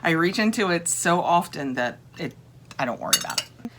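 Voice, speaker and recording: A woman's voice: on the low side, lively intonation, brisk, background noise. A woman chatting casually through a home decor unboxing, thinking aloud and gushing over each item. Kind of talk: casual chat.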